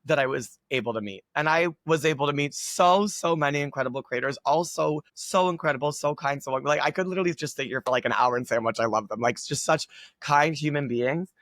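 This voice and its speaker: A man with a slightly raised pitch talks as a guest in a casual chat. He gushes in an upbeat way and packs his sentences with filler words. The sound is close and dry, with no room around it. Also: fast, a bit bright, dry recording. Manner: gushing, upbeat, heavy use of filler words. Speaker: guest content creator.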